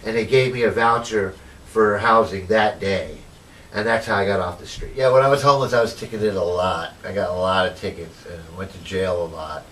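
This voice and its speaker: This interviewee, a formerly homeless man, has a fairly low yet slightly bright voice and fairly even intonation, moving at a brisk pace. He rambles through his personal story, sprinkling in "you know" and reenacting old exchanges, while poor audio from a distant mic carries a faint hiss.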